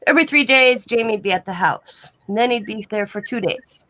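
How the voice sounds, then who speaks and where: A woman's voice: fairly high pitch, fairly quick, pushed and bright, slight background noise. A woman chatting casually on a live online show, rambling through long personal stories and acting out the back-and-forth dialogue in her own voice. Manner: rambling, acts out quoted dialogue in plain voice. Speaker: guest in a live online chat. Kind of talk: casual storytelling chat.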